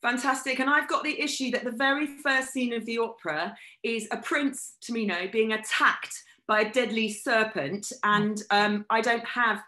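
A woman runs a live-streamed family workshop in an echoey room. She tells the story in a lively, animated way, and her voice sits fairly high. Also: normal speed, hardly any pauses. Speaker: workshop leader.

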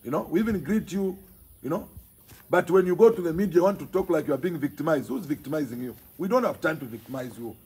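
A Zambian man speaks as a provincial party chairman, lecturing his opponents with insistent repetition. His voice is strongly husky and raspy and sits a little high for a man. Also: lively intonation, fast, a little mellow. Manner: emphatic, scolding, repeats phrases for force. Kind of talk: impassioned political speech to the press.

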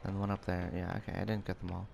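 A young man talks through his gameplay in a loose, joking way, full of slang and quick reactions. His voice sits on the low side, with a faint hiss in the background. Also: flat delivery, gravelly, a little mellow. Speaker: gamer. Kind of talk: casual gameplay commentary.

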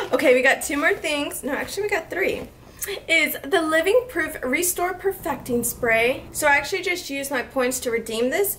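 Brief: woman in her twenties, beauty vlogger, unhurried but squealing and gushing, high lively voice. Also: recorded from a distance, slight background noise. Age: 20s. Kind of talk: excited haul unboxing.

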